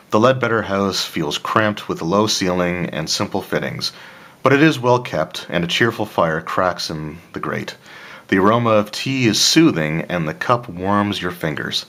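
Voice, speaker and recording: A man with a very deep voice reads a solo tabletop horror gamebook aloud. He reads the choices and narration and drops in casual, joking asides. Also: expressive, normal speed, fairly bright tone. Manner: casual, with asides and throat-clearing. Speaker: player of a solo tabletop adventure.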